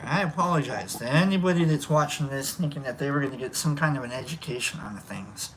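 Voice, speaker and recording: A woman's voice: deep voice, lively intonation, fairly quick, slight background noise. A woman hosting a casual livestream chat, swearing freely, rambling, and breaking into sung lines. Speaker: livestream host.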